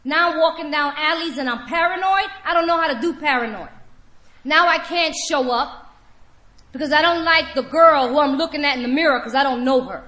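A woman's voice: sits high, brisk, sharp tone, roomy sound. A woman giving a candid personal share at a recovery meeting, telling her story frankly and with wry humor to a room of listeners.

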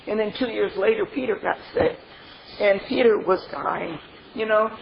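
An older woman's medium-pitched voice, marked by vocal fry, moves at normal speed as she gives a heartfelt personal recovery testimony. She laughs as she tells her stories and keeps saying "you know," captured in dull lo-fi audio with faint background noise.

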